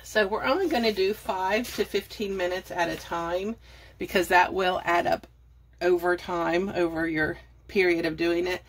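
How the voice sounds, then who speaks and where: A woman's voice: fairly low pitch, steady tone, moderate pace. A middle-aged woman, out of breath, giving chatty, rambling decluttering tips to her phone camera. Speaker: budgeting and decluttering vlogger. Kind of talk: casual how-to talk to camera.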